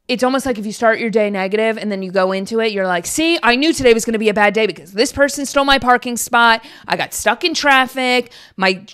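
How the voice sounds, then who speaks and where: A young woman hosting her own podcast, talking casually in an upbeat, rambling way with lots of fillers. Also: medium pitch. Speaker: podcast host. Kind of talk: casual solo podcast chat.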